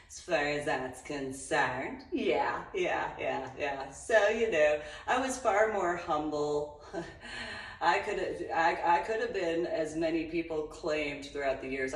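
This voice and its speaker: A middle-aged woman hosting her own channel in a rambling personal monologue, sardonic and breaking into frequent laughter. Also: low-pitched. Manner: sardonic, laughs often between remarks. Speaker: YouTube channel host. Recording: roomy echo, distant mic.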